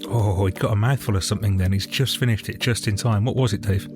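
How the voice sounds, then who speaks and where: A man's voice: lowish voice, steady tone, fast talker, over music. A man co-hosting a casual podcast, upbeat and enthusiastic as he runs through the show. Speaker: podcast co-host.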